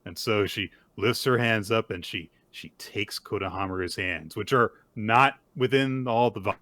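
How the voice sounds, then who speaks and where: A man's voice: lowish voice, moderate pace, no echo. A man co-hosting a podcast, recapping manga chapters in casual chat with sarcastic asides and lots of filler words. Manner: animated, sarcastic retelling with frequent "like" and "uh". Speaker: podcast co-host.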